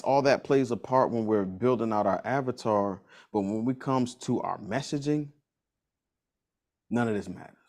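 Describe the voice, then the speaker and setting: A man's voice: medium pitch, darkish tone. Slangy, repetitive male workshop coach. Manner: casual and slangy, repeats key lines for emphasis. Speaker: business coach leading a workshop. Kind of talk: motivational workshop talk.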